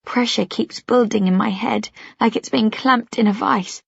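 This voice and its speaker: A woman reading a first-person audiobook in a hushed voice that often drops to a whisper. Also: on the high side, unhurried, creaky, hardly any pauses, slightly rough, no echo. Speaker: audiobook narrator. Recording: dull, dry lo-fi audio.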